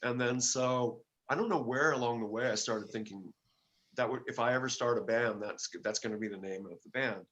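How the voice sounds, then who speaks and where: An older man, a guest musician, telling stories in a casual interview, halting and full of fillers and restarts. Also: medium pitch, fairly bright tone, dull audio.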